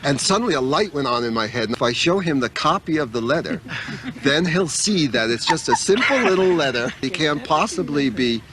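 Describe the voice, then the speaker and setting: A man's voice: a little high, fairly quick, noisy background. An older man telling humorous stories of his past, acting out other people's lines with laughter. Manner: animated, acts out dialogue with laughs. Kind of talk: humorous anecdotal storytelling.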